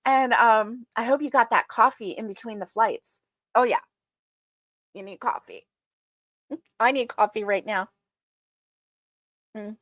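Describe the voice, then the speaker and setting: A woman's voice: on the high side, unhurried, long pauses, a bit bright, no echo. A woman hosting a casual livestream, chatting and rambling with many fillers and greeting her viewers. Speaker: livestream host. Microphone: streaming setup.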